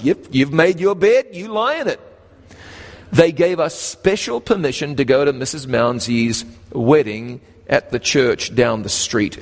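Man with a New Zealand accent telling a sermon story in a long echoing hall, mid-range voice, pitch and pace shifting for effect. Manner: animated, rises and drops sharply in pitch, slows for emphasis. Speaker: preacher.

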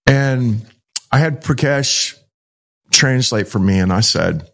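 Middle-aged male pastor, animated storyteller, mid-pitched voice, emphatic and repetitive delivery. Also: takes it slowly, vocal fry. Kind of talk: personal storytelling to an interviewer.

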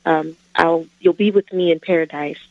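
A woman's voice: fairly low pitch, steady tone, normal speed, dry recording. A woman calling into a radio program, asking a question hesitantly with many fillers. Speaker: caller. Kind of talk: phone-in question. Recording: dull phone-line audio.

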